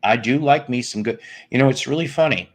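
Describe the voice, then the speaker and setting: A man's voice: mid-range voice, brisk. A man hosting a casual live stream, rambling and joking with viewers with crude humor. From northern United States.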